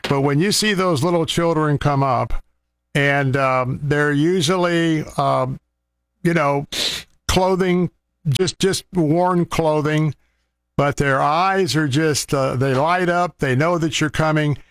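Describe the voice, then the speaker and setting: Male faith-show host, earnest and rambling, slightly high voice, dry studio sound. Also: slow, clear, resonant tone, dry recording. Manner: heartfelt, rambling with restarts and fillers. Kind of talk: earnest fundraising appeal.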